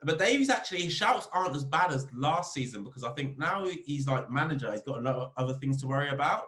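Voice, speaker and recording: Fast-talking footballer, echoey room. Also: male voice. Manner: animated storyteller, rising pitch when telling funny stories. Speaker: football club captain, podcast guest. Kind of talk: casual interview chat. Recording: roomy echo.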